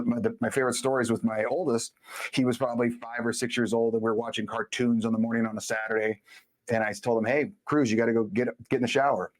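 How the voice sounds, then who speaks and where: In a relaxed podcast conversation, this man appears as a guest, his mid-range voice blunt and forceful as he spins stories full of rapid side comments.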